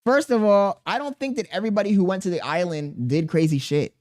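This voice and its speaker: A man's voice: high voice, brisk. A man live streaming, reading his chat aloud and bantering back in profane, slangy talk. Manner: slangy and animated.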